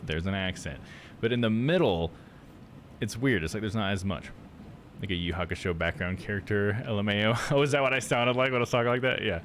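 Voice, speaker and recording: Rural Midwestern guy, low voice, rambling live game commentary. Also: slight background noise. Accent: rural Midwestern American. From United States. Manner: rambling, full of "like" and restarts. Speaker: streamer.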